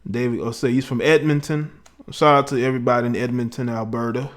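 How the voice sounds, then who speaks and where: A laid-back man hosts a live call-in show, talking loosely and slangily. He chuckles often as he reads out his viewers' comments, in a voice of middling pitch. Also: steady tone, quick pace. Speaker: livestream talk show host. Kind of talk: casual livestream chat, reading out viewer comments.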